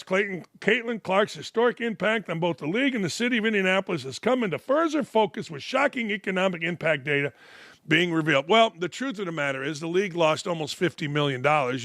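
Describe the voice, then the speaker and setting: A man's voice: high voice, a bit bright, no room sound, studio quality. A man, hosting a sports talk show in a blunt, sarcastic, heated monologue. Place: studio.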